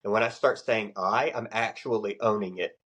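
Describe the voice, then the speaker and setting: A middle-aged man talks through his experience as a podcast guest, earnest and expressive as he tells his stories. His voice sits a little lower than most men's. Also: moderate pace. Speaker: podcast guest, Navy chief. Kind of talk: casual interview conversation.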